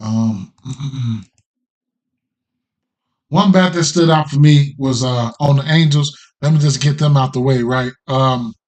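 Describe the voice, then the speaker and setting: A man hosting a sports betting podcast, talking through his picks in a loose, slangy way, often repeating himself and checking in with "right?". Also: mid-range voice. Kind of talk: casual betting picks talk.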